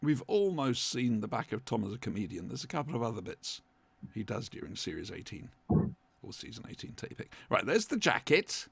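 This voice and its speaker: Gravelly, husky man chatting. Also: medium pitch, sing-song, moderate pace, dry recording. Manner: chatty, wry, fond asides. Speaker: podcast co-host watching along. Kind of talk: casual watch-along commentary. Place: home room, dry sound.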